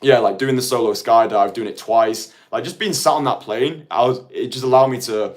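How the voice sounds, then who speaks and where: Guy late 20s, rambly, says "like" constantly, mid-pitched voice. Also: moderate pace. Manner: chatty, rambling, heavy use of "like". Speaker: dating coach. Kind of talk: casual monologue to viewers.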